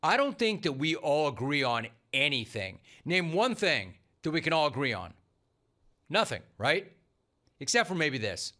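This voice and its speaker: A man's voice: fairly high pitch, big pitch swings, normal speed, bright, forceful tone. A man hosting a sports talk show, delivering a punchy, sarcastic monologue full of rhetorical questions.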